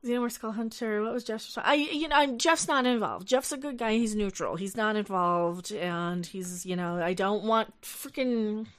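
A woman's voice: medium pitch, normal speed, hardly any pauses. A young woman hosting a casual livestream, ranting with lots of profanity, exasperated, and reading viewer chat aloud. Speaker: livestream host.

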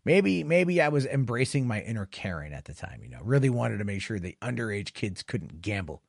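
A man hosting a casual livestream news show, sarcastic and rambling. He repeats himself, swears, and swings his pitch widely. The close, dry mic leaves no room sound. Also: sing-song, a little fast, gravelly, hardly any pauses, no echo. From United States. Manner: rambling, repetitive, profane, sarcastic. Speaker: livestream host reading chat.

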